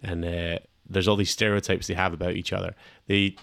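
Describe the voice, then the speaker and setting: A Scottish man talks at a quick clip in a low, gravelly voice, hosting a loose radio chat. He rambles and doubles back on his words. The sound is close and dry. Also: flat delivery, a bit bright, no room sound. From Scotland. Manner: rambling, repeats words and restarts often. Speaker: radio host. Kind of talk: casual chat.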